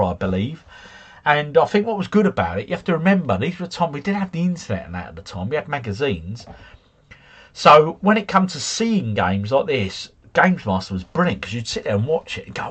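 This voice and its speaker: Middle-aged man, livestream host, husky and lively, chatty and jokey, close desk mic. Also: medium pitch. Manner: chatty, jokey, drifts off into tangents. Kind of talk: casual chat reading live comments. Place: home, drinking beer.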